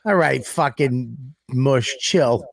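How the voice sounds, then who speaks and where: A man's voice: medium pitch, slow, creaky. A man co-hosting a casual comedy podcast, loose and profane, with laughing asides. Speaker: podcast co-host.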